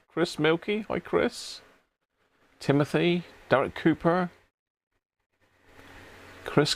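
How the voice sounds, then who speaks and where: A man with a medium-pitched voice hosts a casual live stream from his home workshop, chatting with viewers and greeting each one by name.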